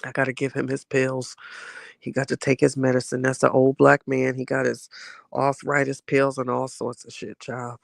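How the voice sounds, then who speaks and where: A man's voice: mid-range voice, completely flat delivery, moderate pace, vocal fry, no echo. A man vlogging in a chatty, sassy way while sick with a cold and a bit winded. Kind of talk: casual chat to camera.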